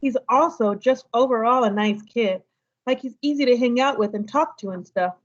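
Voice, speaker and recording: A woman with a fairly high voice reads a children's novel aloud to her class. She reads with lively expression and gives each character's dialogue some life. The recording sounds a little muffled. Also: normal speed. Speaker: teacher reading aloud.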